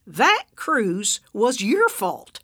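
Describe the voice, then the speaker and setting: A woman putting on a prickly old lady with a raised, lively voice, all sharp comebacks and indignation. She sounds dry and close to the mic, with a wide, swooping pitch in a storybook scene. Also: drawn-out words, no room sound, full character voice. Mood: bickering. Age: 70s. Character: feisty elderly woman, quick-tongued and prickly.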